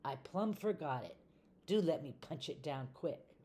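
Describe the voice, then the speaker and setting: A woman voicing a cheerful, literal-minded housekeeper in a children's storybook reading, matter-of-fact and bright. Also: low-pitched, expressive, unhurried, husky, full character voice.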